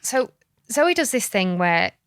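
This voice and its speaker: A woman's voice: mid-range voice, very animated, measured pace, fairly bright tone, no room sound, clean studio sound. A woman co-hosting a podcast, chatting in a bubbly, enthusiastic way. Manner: bubbly, enthusiastic, laughs often. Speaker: podcast co-host. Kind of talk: casual chat.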